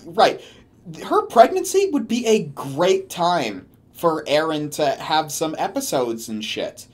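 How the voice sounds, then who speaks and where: A man's voice: on the high side, very animated, takes it slowly. A man giving comedic commentary on a story he is reading along with, sarcastic and swearing as he mocks it. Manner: sarcastic, swearing, mocking rants. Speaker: commentary host.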